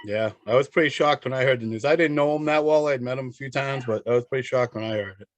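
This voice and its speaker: A man's voice: mid-range voice, quick pace, dry recording, lo-fi sound. A man interviewing a guest, reacting in an easygoing, agreeable way. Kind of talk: casual interview chat.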